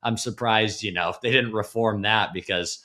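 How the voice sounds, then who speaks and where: A man's voice: on the low side, steady tone, normal speed, sharp tone. A man hosting an interview, chatting casually with joking, sarcastic asides. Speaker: podcast host.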